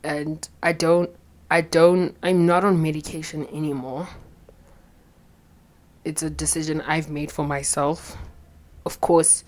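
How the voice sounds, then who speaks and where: A woman's voice: low-pitched, level tone, takes it slowly, a little mellow. A young woman, talking bluntly and profanely in a rambling confessional vlog, her voice a little shaky with anxiety. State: anxious, voice shaky. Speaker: vlogger.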